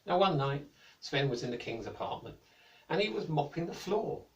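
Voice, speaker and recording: A British man narrating a children's story in a gentle, playful, lilting way. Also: fairly high pitch, very animated, moderate pace, dull audio. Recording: echoey room, mic at a distance.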